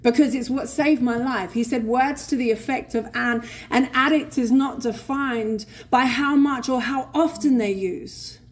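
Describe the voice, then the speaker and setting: A woman's voice: a little high, unhurried, hardly any pauses. Blunt, swearing London woman. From England. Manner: blunt, swearing, animated storytelling. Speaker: recovery speaker. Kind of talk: recovery share at a convention. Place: convention hall stage. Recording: faint room noise at a convention.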